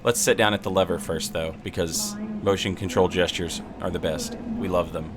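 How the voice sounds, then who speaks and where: A man's voice: low voice, steady tone, moderate pace, noisy background. A man streaming a game, chatting casually with his viewers and breaking into frustrated outbursts when things go wrong. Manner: chatty, talks to chat, bursts of frustrated yelling. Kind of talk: casual live gameplay commentary.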